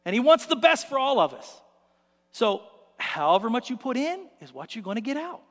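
A man preaching a sermon as pastor, telling stories in an animated way and acting out the scenes. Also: very high-pitched, long reverb tail.

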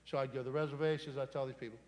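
A man's voice: medium pitch, fairly even intonation, very fast, darkish tone. A man preaching and praying at a healing service, fervent and commanding, leading the crowd in call-and-response. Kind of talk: sermon and healing prayer. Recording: reverberant church hall with music. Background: live music.

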